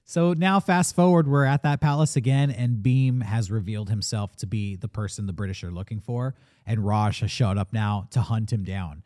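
A man's voice: lowish voice, normal speed, few pauses, darkish tone. A man hosting a casual movie review, retelling the plot with laughs and curses. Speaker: podcast host.

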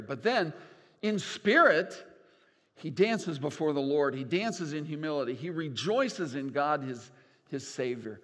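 An older man preaching a sermon as pastor, animated and folksy with gentle humor. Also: on the high side, unhurried. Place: church sanctuary. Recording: long church reverb.

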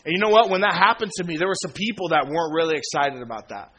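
A male pastor in his thirties preaches a sermon in loose, slangy, conversational language, racing along as he acts out exchanges with friends, laughing as he quotes them. His voice sits a little high and sounds bright and forward.

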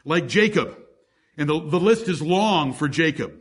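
High-voiced man preaching with fervor. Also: animated, measured pace, slightly rough. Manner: emphatic preaching, rhetorical questions, lists scripture examples. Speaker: pastor. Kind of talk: sermon.

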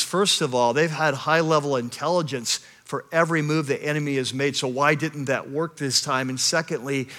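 A pastor preaching in church, his voice sitting fairly high for a man. The tone is bright and forward as he tells a scripture story with growing animation, often stumbling and restarting his phrases. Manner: animated storyteller, building intensity with repeated restarts. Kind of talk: sermon retelling a scripture story. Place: church service with a live congregation.

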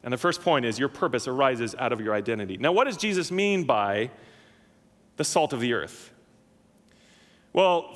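A male pastor delivers a sermon in an animated, emphatic way, his slightly high voice jumping up and dropping low for stress. The sound carries a long hall reverb, as if from a church sanctuary. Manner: animated, emphatic preaching with wide swings in pitch and loudness.

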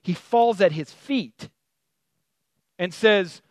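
A man preaching a sermon in a conversational, animated storytelling way, with many fillers and restarts. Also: high-pitched, unhurried, no echo. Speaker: pastor.

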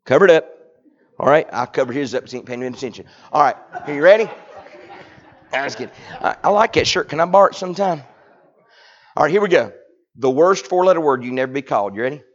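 A man, preaching a sermon that swings from loud to hushed. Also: fairly high pitch, lively intonation, fast talker, pauses often. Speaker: pastor. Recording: dull lo-fi recording.

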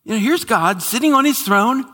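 Dramatic preacher with a bright, husky voice. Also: male voice, extremely high pitch, animated, normal speed. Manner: dramatic, swinging from loud exclamations to hushed whispers. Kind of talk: sermon. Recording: hall reverb.

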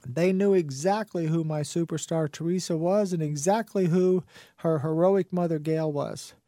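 A man's voice: on the high side, fairly even intonation, moderate pace, warm tone, no room sound, studio quality. A man hosting a radio talk show, preaching with fervent, repetitive motivational conviction. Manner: fervent, preachy, repeats phrases for emphasis. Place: radio studio. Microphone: studio microphone.

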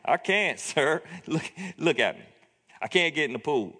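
A man's voice: fairly high pitch, expressive, unhurried, pushed and bright, breathy edge, full character voice. A man doing a sarcastic, fed-up sick man. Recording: long hall reverb.

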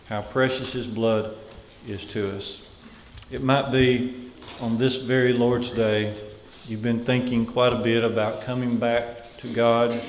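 A man preaching a Sunday sermon, earnest and measured, with weighty pauses. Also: medium pitch, a little hiss or hum. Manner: slow, earnest, emphatic pauses. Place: church sanctuary. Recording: echoey hall with faint ambience.

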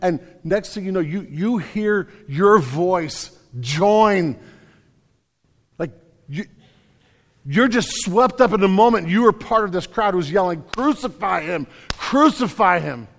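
A man preaching a sermon, telling the story vividly and pulling his listeners into it. His voice sits slightly high for a man. A long reverb follows every phrase, as in a large hall. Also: expressive, slow. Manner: vivid storytelling, addressing listeners directly as "you". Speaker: pastor.

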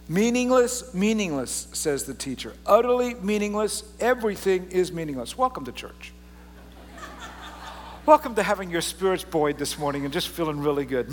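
Man, pastor, casual joking sermon, dramatic scripture reading, long hall reverb, faint background noise. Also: a little high. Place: church sanctuary.

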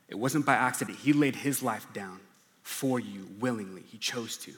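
A man preaching a sermon in an earnest style, often dropping to a hushed, low emphasis. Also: a little slow, pauses often, in a large hall. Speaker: pastor.

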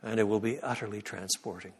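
A man giving an emphatic sermon-style lecture in a church, swinging from loud peaks to a hushed prayer. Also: fairly low pitch, steady tone, fast talker, breathy edge. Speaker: guest lecturer. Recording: long reverb of a church hall.

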